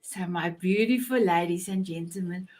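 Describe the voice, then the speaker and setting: A woman's voice: lowish voice, moderate pace, darkish tone. A middle-aged woman from Africa, hosting a live online show over a video call in an effusive manner, often repeating herself and restarting. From South Africa. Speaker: host.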